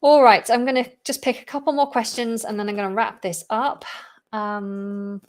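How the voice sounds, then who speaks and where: This English teacher and channel host has a fairly high voice that stays fairly flat, delivered at a moderate pace. Fielding viewer questions in a relaxed live Q&A, she laughs a lot and comes across as slightly worn out.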